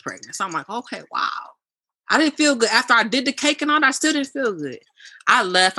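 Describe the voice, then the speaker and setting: An animated young woman tells a story among friends, jumping into the voices of everyone on the phone line. Her voice is bright and forward, and the sound is dry and close. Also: mid-range voice, no room sound. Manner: animated, acts out both sides of phone calls, swears freely. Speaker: podcast guest.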